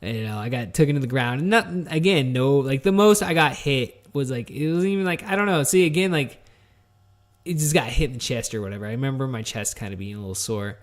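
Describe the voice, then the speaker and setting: A man's voice: medium pitch, expressive, fast talker. A man hosting a solo podcast, telling a story in a rambling, candid way, swearing often and stumbling over fillers and restarts. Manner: candid and introspective. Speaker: podcast host.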